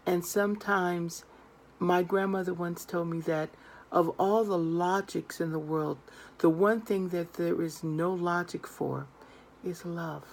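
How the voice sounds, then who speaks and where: Gravelly, earnest woman tarot reader. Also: fairly low pitch, fairly even intonation, takes it slowly. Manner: earnest, emphatic, addresses viewers directly. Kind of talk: direct-to-camera advice monologue.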